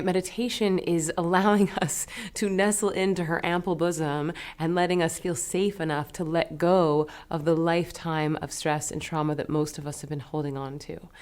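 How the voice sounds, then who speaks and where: A woman teaching a meditation lesson, talking in a gentle, soothing, unhurried way. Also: low-pitched, clean tone.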